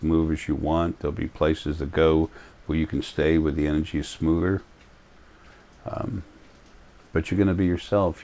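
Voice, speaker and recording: A man talking in a rambling, low-key spiritual monologue, full of fillers and restarts. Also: warm tone.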